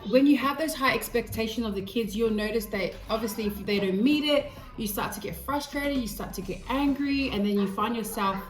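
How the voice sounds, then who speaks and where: A woman's voice: fairly high pitch, brisk, few pauses, reverberant, over music. A young Australian woman vlogging casually to camera about life as a mother at home, chatty and laughing as she talks. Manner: chatty, laughing, often breaks off to speak to her children. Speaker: parenting vlogger, mother of three. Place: family home with children around.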